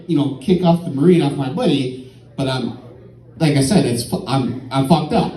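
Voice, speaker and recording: A man's voice: medium pitch, moderate pace, warm tone, roomy sound, far from the mic, poor audio. A tipsy man telling a rambling, profane story in a stand-up set at a comedy club.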